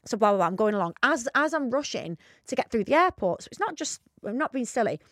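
Fast-talking young woman. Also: a little high, no room sound, studio quality. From northern England, near Rochdale. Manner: animated storyteller, quick and excitable. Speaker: podcast co-host. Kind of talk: casual chat.

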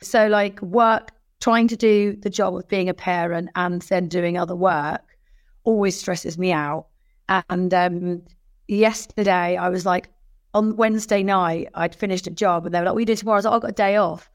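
A woman guest in casual chat, reflective and rambling in quick bursts. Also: fairly low pitch, fairly even intonation, dry recording, studio quality.

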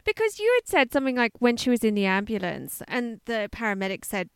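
Animated woman with lively high voice. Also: fast, smooth, no echo. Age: 30s or older. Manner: animated, laughs often, wonders aloud. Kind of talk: casual chat.

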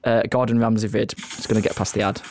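A man, co-hosting a casual podcast chat, rambling excitedly and laughing often. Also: lowish voice, fast, slight background noise. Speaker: podcast co-host.

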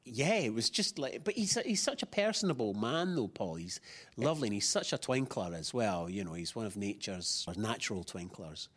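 A man's voice: on the low side, sing-song, normal speed, husky. A middle-aged man, an actor being interviewed, talking in a chatty, rambling way with many restarts. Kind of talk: casual interview chat.

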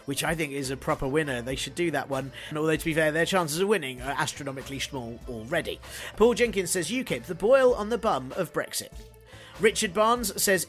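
A man's voice: fairly high pitch, lively intonation, normal speed, a bit bright, faint music behind. A man hosting a solo podcast segment, reading listener jokes with sardonic, jokey asides. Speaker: podcast host.

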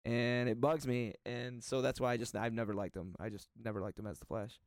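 A man co-hosting a casual podcast chat, rambling and animated, swearing freely as he rants. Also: medium pitch, a little fast, dry recording, clean studio sound. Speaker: podcast co-host.

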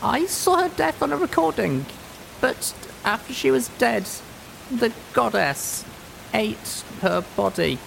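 An earnest young mare, grieving but determined, as a male narrator puts her on. The voice sits very high and swings widely, with a rough, crackling fry under it. Faint hiss and rain sit behind the reading. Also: sing-song, slow, a bit bright, full character voice. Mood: somber.

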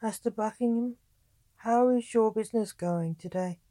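A woman's voice: a little high, moderate pace, mellow, no echo, close to an everyday voice. A woman voicing a proud, reluctant male knight, speaking glumly.

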